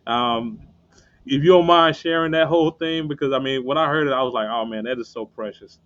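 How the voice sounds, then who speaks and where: A man's voice: medium pitch, brisk, a bit bright, no room sound. A male interview host speaking over a video call. His voice sounds dry and somewhat muffled, and he often restarts his questions before getting to the point. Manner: hesitant, repeats words, enthusiastic. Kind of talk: casual interview chat.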